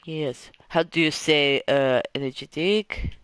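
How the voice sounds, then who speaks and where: A man's voice: on the high side, sing-song, normal speed, fairly bright tone, smooth, dry recording, low-quality recording. A young British man with a slight lisp, chatting casually and rambling in a self-deprecating way while streaming a game live. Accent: British English. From Britain.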